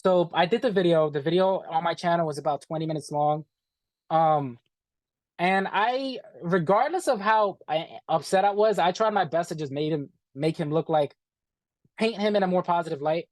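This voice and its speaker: A man telling a story as an interview guest, animated and profane, acting out what people said and calling the listener "bro". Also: a little high, normal speed, no room sound. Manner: animated, profane, acts out quoted dialogue, says "bro". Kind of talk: casual storytelling.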